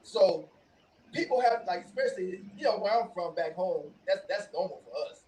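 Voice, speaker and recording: A man co-hosting a casual talk show, telling animated stories and laughing often. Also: high-pitched, moderate pace, recorded from a distance, poor audio. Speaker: co-host. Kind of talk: casual chat.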